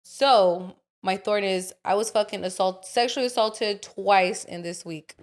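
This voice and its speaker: A woman's voice: mid-range voice, unhurried. A young woman co-hosting a podcast, chatting casually and telling a long story full of "like" and swearing. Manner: animated storyteller, swears freely, fillers like "like". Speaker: podcast co-host. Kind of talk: casual chat.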